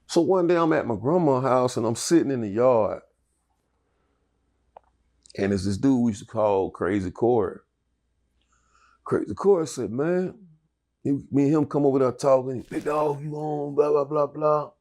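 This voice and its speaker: Gravelly middle-aged man telling his story. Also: medium pitch, normal speed, long pauses, mellow. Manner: profane, rambling, with many restarts. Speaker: interview guest. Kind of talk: candid storytelling interview.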